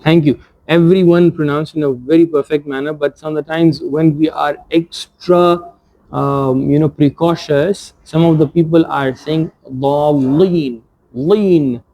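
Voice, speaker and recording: A man teaching recitation rules, patiently explaining pronunciation and gently correcting the reciters. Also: a little high, no echo. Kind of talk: tajweed lesson with corrections. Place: community centre prayer hall.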